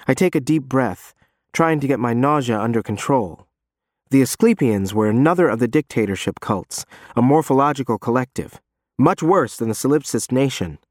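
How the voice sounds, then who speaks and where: Male audiobook narrator, mid-pitched, measured and tense, dry studio sound. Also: animated, dry recording. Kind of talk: first-person scripted narration.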